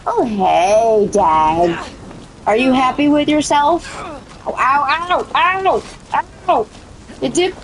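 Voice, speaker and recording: A woman streaming a video game, swearing casually and talking to the characters, her voice cracking and squeaking. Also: slight background noise. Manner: profane, excitable, talks to the game characters. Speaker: gaming streamer. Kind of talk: casual let's-play commentary.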